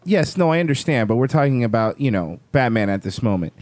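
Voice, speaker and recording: Man co-host, mid pitch, crude joker, dry close mic. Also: sing-song, fairly quick, darkish tone, no room sound. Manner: crude, joking, rambling. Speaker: podcast co-host. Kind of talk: casual comedic chat, reading news.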